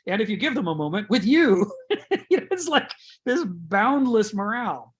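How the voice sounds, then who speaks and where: A man's voice: high-pitched, sing-song, normal speed, breathy edge. A man giving a conversational lecture, rambling, chuckling often and using many fillers.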